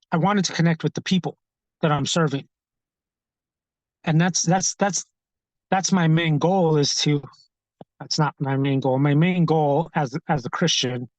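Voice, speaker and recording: A man telling his own story in an interview, earnest and halting, often repeating words as he searches for what to say. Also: a little high, dry recording, poor audio. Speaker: street ministry founder.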